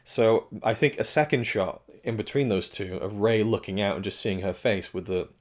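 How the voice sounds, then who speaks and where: A man's voice: fairly low pitch, normal speed. A man reviewing a film in casual talk. His voice is strained and cracking, and he rambles with frequent restarts and self-corrections.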